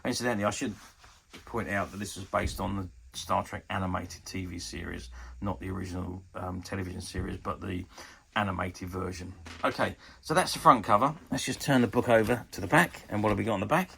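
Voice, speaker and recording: Gravelly low-voiced man in his fifties. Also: fairly even intonation, sharp tone, a little hiss or hum. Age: 50s. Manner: chatty and hesitant, often pausing with ums. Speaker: toy collectables dealer. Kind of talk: casual show-and-tell product review.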